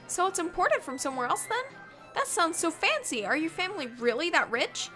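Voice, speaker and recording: A woman voicing excitable teenage schoolgirls who gush over a new classmate. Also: very high-pitched, brisk, faint music behind, pitched above the performer's own voice, exaggerated voice. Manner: gushing, excitable.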